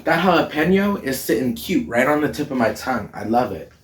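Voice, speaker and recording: A man's voice: mid-range voice, sing-song, a little fast, noisy background. A man hosting a casual cooking vlog from his home kitchen, playful and chatty, often laughing as he talks. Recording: roomy sound from a distant mic.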